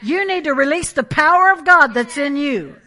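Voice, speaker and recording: A woman preaching a sermon in an animated, emphatic way, with asides and laughs. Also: sits high, moderate pace.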